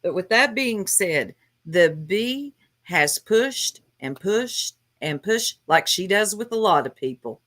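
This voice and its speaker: Slow-talking, bright-voiced woman host. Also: medium pitch, expressive. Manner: slow, drawn-out, scolding. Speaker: livestream host. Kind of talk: casual livestream commentary.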